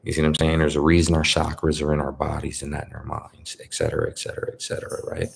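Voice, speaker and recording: A man's voice: a bass voice, monotone, quick pace, creaky, a little hiss or hum. A man giving a casual spiritual talk, conversational and repetitive, often checking in with "you feel me". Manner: conversational, repeats "you feel me", colloquial grammar. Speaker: spiritual speaker.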